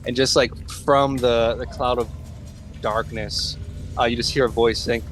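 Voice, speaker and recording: A man running a tabletop game as game master, describing the scene in a loose, relaxed way. He pads his narration with many fillers and restarts. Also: mid-range voice, measured pace, soft background music.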